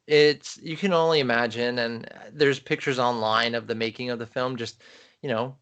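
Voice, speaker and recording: A man co-hosting a podcast in casual, animated chat, talking with enthusiasm. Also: medium pitch, moderate pace, smooth. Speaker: podcast co-host. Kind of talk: casual chat about films.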